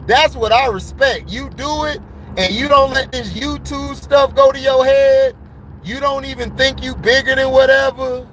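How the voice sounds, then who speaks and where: High-voiced excitable man ranting. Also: a little hiss or hum, low-quality recording. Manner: blunt, excitable, laughs often between points. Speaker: sports commentary YouTuber. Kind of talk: casual sports commentary rant.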